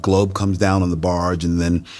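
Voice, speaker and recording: A middle-aged man, a guest in a casual interview over a meal, telling lively stories and acting out the voices of the people in them. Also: low-pitched, moderate pace, soft background music. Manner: animated storyteller, acts out quoted voices.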